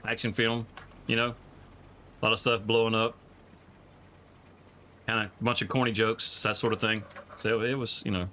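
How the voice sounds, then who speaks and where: A man, hosting a live stream and chatting casually in halting, rambling sentences. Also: on the low side, pushed and bright. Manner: rambling, halting, with many restarts. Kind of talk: casual chat.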